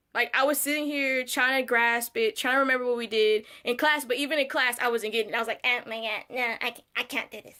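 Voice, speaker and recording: Bright high-voiced young woman telling a story. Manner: candid, swearing, animated re-enactments. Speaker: vlogger. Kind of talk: casual storytime.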